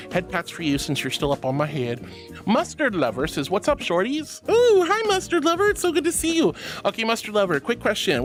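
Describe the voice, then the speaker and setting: A woman streamer reading her livestream chat aloud, doting on viewers and calling them honey and sweetie. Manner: affectionate, calls everyone honey and sweetie; bubbly with squealing high greetings. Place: virtual reality stream setup.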